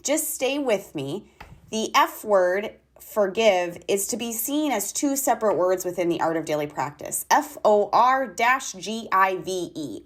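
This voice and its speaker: A woman artist leading a guided talk on gratitude, calm and deliberate, spelling key words out letter by letter. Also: mid-range voice.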